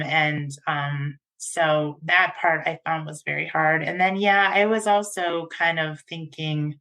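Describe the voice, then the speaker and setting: Earnest woman co-host with a bright tone. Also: sits low. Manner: earnest, halting, many restarts. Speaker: podcast co-host. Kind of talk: casual podcast conversation.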